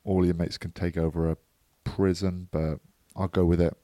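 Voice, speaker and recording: A man's voice: low voice, little pitch movement, normal speed, dark tone, dry recording. A man co-hosting a podcast, talking in a laid-back, chatty way. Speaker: podcast co-host. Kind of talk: casual chat.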